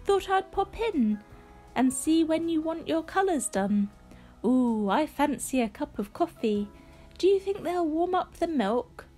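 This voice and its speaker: A woman's voice: sits high, very animated, measured pace, dark tone, soft background music, voice pushed up. A woman voicing a pushy, cheery middle-aged mother, trilling and gushing.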